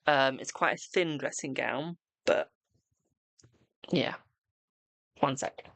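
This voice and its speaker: Gravelly tarot reader chatting live. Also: medium pitch, slow, fairly bright tone, no room sound. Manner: chatty, calls viewers "my darling", laughs often. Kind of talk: casual live-stream chat and card reading.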